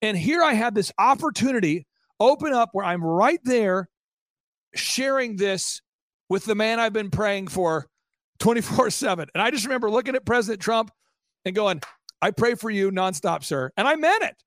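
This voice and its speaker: A man telling an excited testimony as an interview guest, fast and intense, acting out quotes as he goes. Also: sits high, dry recording, studio quality.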